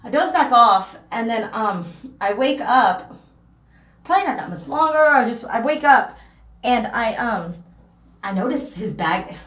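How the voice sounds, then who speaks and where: Young woman rambling through a story, lots of ums, kinda high voice, echoey room. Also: expressive, a little slow, fairly bright tone. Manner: rambling with many fillers and restarts. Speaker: vlogger. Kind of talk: casual storytime vlog.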